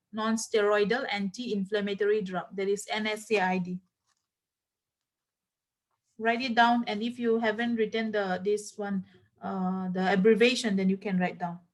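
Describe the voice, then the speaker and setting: A woman teaching a classroom lecture, who repeats herself, spells out words letter by letter and uses many fillers like "uh" and "like". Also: mid-range voice. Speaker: nursing teacher.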